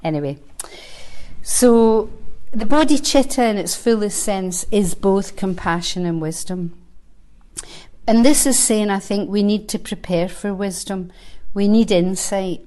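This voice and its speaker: A woman's voice: medium pitch, measured pace, mellow. A woman in her sixties, a Buddhist teacher, giving a dharma talk to a live group at a centre. She talks conversationally with light humor, thinking aloud between verses she reads out.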